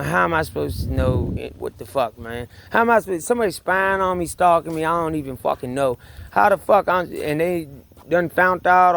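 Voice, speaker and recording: A man's voice: on the high side, gravelly, fairly bright tone. A man telling a story in a casual monologue, rambling, swearing and laughing as he repeats himself. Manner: rambling, profane, laughing, repetitive. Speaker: vlogger.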